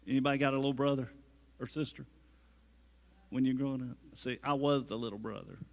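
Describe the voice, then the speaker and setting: A man's voice: medium pitch, fairly even intonation, brisk, in a large hall. A man preaching a sermon as pastor, conversational, with humorous asides and acted-out quotes. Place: church sanctuary.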